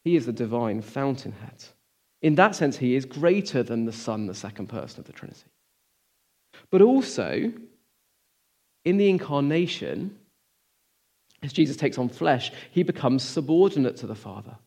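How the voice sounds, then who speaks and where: A man preaching a sermon, earnest and full of rhetorical questions, moving between emphatic lines and hushed, almost whispered ones. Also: mid-range voice, sing-song, moderate pace, creaky, long pauses.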